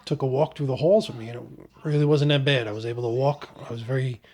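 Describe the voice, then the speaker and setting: A man tells his story in a loose, conversational vlog style, full of ums, uhs and restarts. His pitch sits right in the middle for a man, and he keeps a casual, joking tone. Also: fast. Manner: relaxed, joking, frequent fillers and restarts. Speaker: vlogger recounting his surgery. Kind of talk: casual first-person storytelling.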